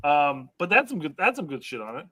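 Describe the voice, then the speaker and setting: A man with a fairly high, bright voice banters as a podcast co-host. His pitch moves a lot as he teases wryly, trailing off and starting over mid-thought. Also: very animated, fast. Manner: teasing, wry, trails off and restarts. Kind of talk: casual podcast chat.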